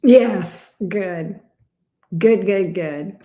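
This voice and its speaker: Slow-talking affectionate woman tarot reader. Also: mid-range voice, mellow, echoey room. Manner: affectionate, calls viewers babe and sweetie; casual and salty, swears lightly. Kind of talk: livestream tarot readings for viewers.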